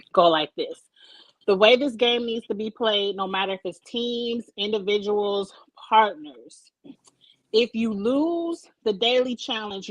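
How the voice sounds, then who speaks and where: A woman's voice: mid-range voice, dry recording, muffled recording. A woman co-hosting a casual chat show, talking in a chatty, opinionated, slangy way. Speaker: podcast co-host. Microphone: desk mic.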